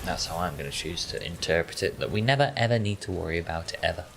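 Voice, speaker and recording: A man's voice: low voice, expressive, quick pace, vocal fry, fairly bright tone, a little hiss or hum. A man, casually chatting to viewers while playing a game, dry and offhand. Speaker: gaming streamer.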